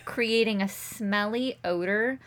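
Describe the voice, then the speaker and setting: A woman co-hosting a podcast in casual chat, blunt and giggly, reading things aloud flatly. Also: medium pitch, takes it slowly. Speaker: podcast co-host.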